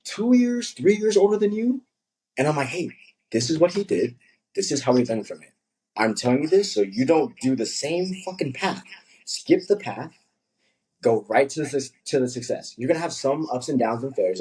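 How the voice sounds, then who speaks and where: A young man, a coach, chatting casually on a podcast, telling animated stories and acting out what people said. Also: medium pitch, moderate pace, breathy edge, low-quality recording. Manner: animated storytelling, acts out quotes.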